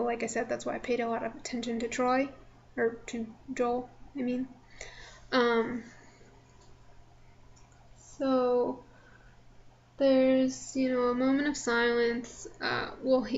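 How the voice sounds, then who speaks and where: A young woman talks loosely and chattily, stringing her thoughts together with lots of filler words. Her voice sits a little high and carries a noticeable gravelly fry. The recording is slightly dull and lo-fi, with faint noise underneath. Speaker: vlogger. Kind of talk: casual recap of a live event.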